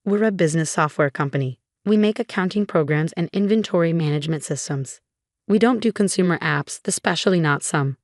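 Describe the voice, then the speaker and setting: A curt, condescending tech boss, read by a woman with a low voice in a dry, close recording. He waves off anything he doesn't care about. The lines stay clipped and cold. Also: fairly quick, darkish tone, dry recording. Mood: cold, dismissive. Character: cold dismissive male tech CEO.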